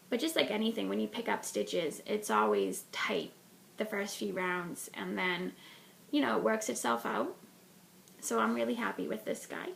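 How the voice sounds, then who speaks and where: A woman's voice: a little high, vocal fry, fairly bright tone, a little hiss or hum. A woman hosting a knitting podcast, chatting casually about a project with lots of ums and restarts.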